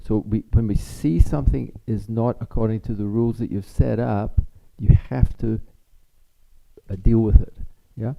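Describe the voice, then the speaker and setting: Male seminar presenter, low voice with gravel, informal, acts out examples. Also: fairly even intonation, normal speed, mellow, slight background noise. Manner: chatty, often acts out short bits of dialogue. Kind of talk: informal teaching talk. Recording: slightly dull lo-fi sound.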